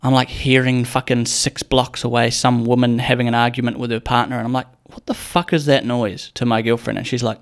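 With a completely flat delivery, a medium-pitched young man talks a little fast and hardly pauses on his casual solo podcast. He rambles, jokes, curses often, and plays out quotes in character.

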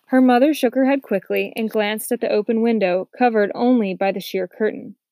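A woman's voice: a little high, a little fast, mellow, no room sound. Woman narrating a novel, dry close sound. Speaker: audiobook narrator. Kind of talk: scripted narration.

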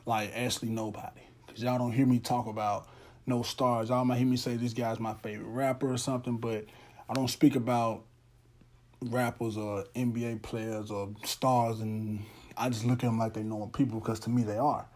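A young man with a dark, mellow voice hosts a podcast alone, talking in a loose, earnest monologue. He speaks with heartfelt conviction and often stumbles back over his words before pushing on. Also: medium pitch, level tone, moderate pace. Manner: earnest, heartfelt storytelling with many restarts. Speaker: podcast host. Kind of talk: casual monologue.

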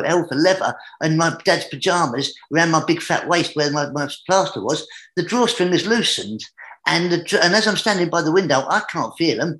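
English man telling a comic story, roomy sound. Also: sits high. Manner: lively, building excitement as the story climbs. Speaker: guest entertainer. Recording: roomy echoey room.

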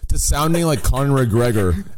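A man's voice: mid-range voice, lively intonation, normal speed, darkish tone. A man in his twenties hosting a podcast, casually plugging friends and joking with guests. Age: 20s. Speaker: podcast host. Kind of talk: casual banter.

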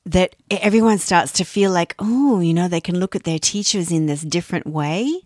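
A woman's voice: fairly low pitch, moderate pace, dry recording, studio quality. A woman from Australia with an Australian accent, chatting casually and telling stories with easy laughter. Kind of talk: casual chat.

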